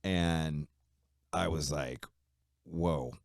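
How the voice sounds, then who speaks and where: A middle-aged musician with a very low, deep voice tells his story in a loose, profane, animated way. The sound is dry and close. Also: normal speed, no echo. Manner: profane, animated retelling with frequent fillers. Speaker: musician guest. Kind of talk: casual storytelling interview.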